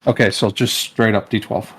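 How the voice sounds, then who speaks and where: A man's voice: fairly low pitch, steady tone, normal speed, a bit bright, breathy edge. A man playing a tabletop game, speaking hesitantly and stumbling over his words. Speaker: player.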